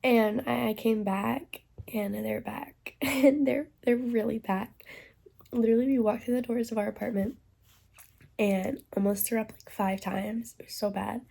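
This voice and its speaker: A young woman with a husky, mellow voice chats candidly into her phone at arm's length. She sounds stuffy and queasy. Her slightly high voice keeps slipping into gravelly fry. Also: fairly even intonation, unhurried. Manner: candid, chatty, frequent "like" and "um". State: nauseous and congested. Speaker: vlogger. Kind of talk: casual pregnancy vlog. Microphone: phone held at arm's length.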